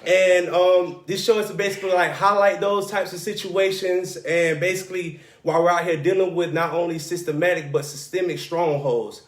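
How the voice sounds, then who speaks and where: A man hosting a casual talk show, relaxed and easygoing, often tagging "man" onto his sentences. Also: high-pitched. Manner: relaxed, drawn-out filler "man". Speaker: host. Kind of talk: casual chat. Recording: echoey room, faint noise.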